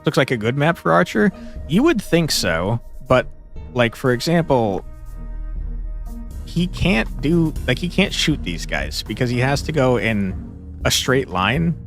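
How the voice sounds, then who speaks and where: Guy doing a let's play, jokey and sarcastic, voice bouncing all over, soft game music. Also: medium pitch, a little slow. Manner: animated, joking, sarcastic about game units. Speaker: gaming channel host.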